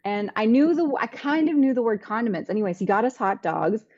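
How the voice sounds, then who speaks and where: A woman's voice: fairly high pitch, brisk, lo-fi sound. A woman on a casual podcast telling funny stories about her childhood, giggling as she goes. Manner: giggly, animated storyteller.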